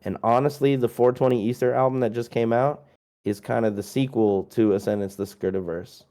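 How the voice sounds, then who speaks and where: A man's voice: medium pitch, steady tone, fairly quick, dark tone. A young man, a musician guest, chatting casually through a long list of his releases, rambling and joking with lots of fillers.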